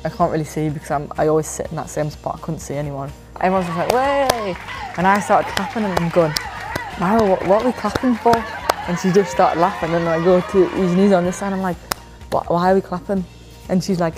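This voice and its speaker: A woman's voice: low-pitched, darkish tone. A woman in her twenties from England, a professional footballer chatting casually and laid-back as she looks back over match footage. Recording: background music under voice.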